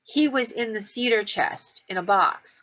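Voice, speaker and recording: A woman's voice: medium pitch, a little slow, a bit bright. A middle-aged woman telling a long, winding story on a podcast in a chatty way, acting out the lines she quotes. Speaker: podcast co-host telling ghost stories. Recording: dull, lo-fi podcast audio.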